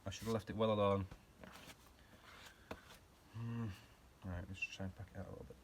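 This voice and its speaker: Chatty man with a low voice. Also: fairly even intonation, normal speed, very noisy. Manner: chatty, self-mocking, rambling asides while working. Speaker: hobby car restorer and channel host. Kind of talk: casual workshop vlog chat.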